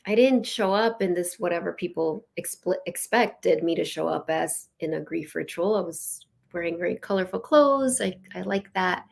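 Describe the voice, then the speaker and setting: A woman hosts her own show as a spiritual leadership teacher, speaking in a fairly low, creaky voice at a moderate pace with few pauses. Her casual teaching comes across as earnest storytelling, sprinkled with "like," "you know," and soft laughs.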